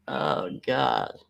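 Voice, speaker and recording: A woman's voice: very deep voice, gravelly. A woman in casual livestream chat who laughs often, tells stories with quoted dialogue, and reads out viewer comments. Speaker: livestream co-host.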